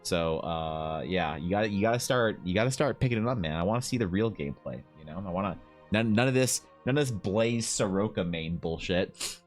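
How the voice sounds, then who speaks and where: A low-voiced man chatting on a live stream, teasing his viewers and jumping between quiet mutters and excited bursts. Faint music plays under his voice. He sounds close to a desk mic at home. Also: a little fast. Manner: joking, teasing chat with swings in pitch. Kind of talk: casual live-stream chat.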